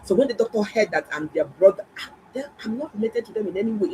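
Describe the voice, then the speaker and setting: Animated woman telling a story. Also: mid-range voice, quick pace, few pauses, background noise. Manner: animated, emphatic, exclaiming. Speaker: doctor and health vlogger. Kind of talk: casual storytelling to viewers.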